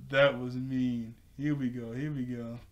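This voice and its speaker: A young man casually recapping a cartoon episode, excitable and repetitive, often laughing between lines. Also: medium pitch, slight background noise. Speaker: TV episode reviewer. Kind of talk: casual video review, retelling scenes.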